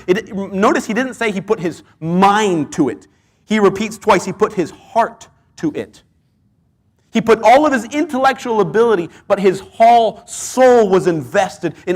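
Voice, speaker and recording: An earnest male pastor delivering a sermon and pressing his listeners with rhetorical questions. His voice sits high for a man.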